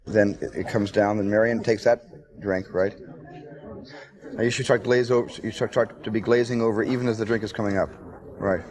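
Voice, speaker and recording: A man's voice: on the low side, fairly even intonation, brisk, long reverb tail. A man on a film set, coaxing actors through a scene as he directs them. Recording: archival set footage with crowd noise.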